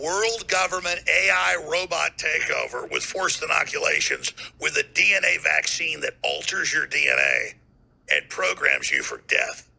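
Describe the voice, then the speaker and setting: A man hosting a talk radio show, delivering a heated, ranting monologue with bursts of shouting. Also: fairly high pitch, creaky, husky.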